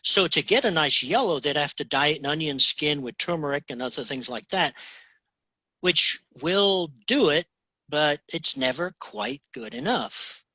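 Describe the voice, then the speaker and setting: Chatty man with a bright husky voice. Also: fairly high pitch, animated, measured pace, no room sound, low-quality recording. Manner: rambling, many restarts, says "okay?" often. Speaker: guest, fly tier. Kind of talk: casual interview chat.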